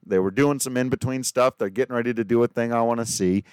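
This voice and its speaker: A man's voice: medium pitch, fairly even intonation, fast, a little mellow, smooth, no room sound. A man hosting a podcast in a casual, joking, self-deprecating way, reading listener emails and an ad. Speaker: podcast host. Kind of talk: casual podcast chat with ad read.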